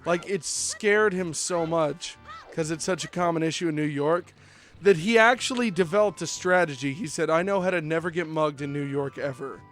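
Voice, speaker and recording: A man's voice: a little high, moderate pace, fairly bright tone, soft background music. A young man streaming a game, chatting casually and joking with lots of fillers. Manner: rambling, joking, many fillers.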